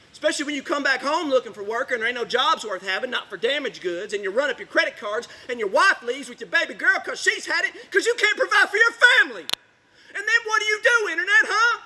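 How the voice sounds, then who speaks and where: A man's voice: very high-pitched, sharp tone, heavily acted. An actor, playing a down-on-his-luck veteran in a dramatic monologue. He rambles in a folksy drawl and swings from jokes to raw bitterness. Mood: bitter.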